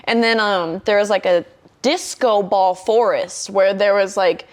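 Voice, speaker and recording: Animated young woman telling a wild story. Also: mid-range voice, unhurried. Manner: animated, acts out her own quotes, swears often. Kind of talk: casual podcast storytelling.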